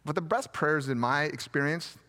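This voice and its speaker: Male pastor, sermon delivery: slightly high and bright, easygoing, gently pokes fun at himself. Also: moderate pace. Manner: conversational, repeats key phrases for emphasis; self-deprecating, gently humorous.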